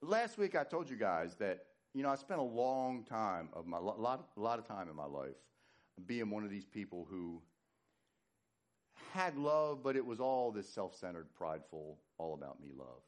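Animated preacher, loud bursts and hushed lows. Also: male voice, moderate pace. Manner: animated preaching, swinging from loud emphasis to hushed low lines. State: winded. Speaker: pastor. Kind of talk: sermon.

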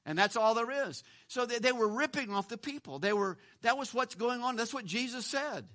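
Pastor, male, high bright voice, chatty sermon with rhetorical questions. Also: expressive, moderate pace, hardly any pauses. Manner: conversational, repeats words, asks rhetorical questions.

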